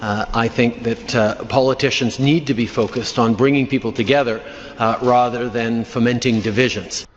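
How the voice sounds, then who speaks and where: A male politician answering a press question in a halting way, with many filler sounds. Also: mid-range voice, fairly even intonation, slight background noise. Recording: archival clip, reverberant hall, dull audio, faint ambience.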